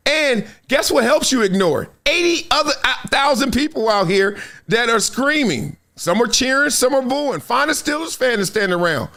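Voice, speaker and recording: A male show host giving animated, slangy reaction commentary, laughing and mimicking the people in the clips. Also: very high-pitched.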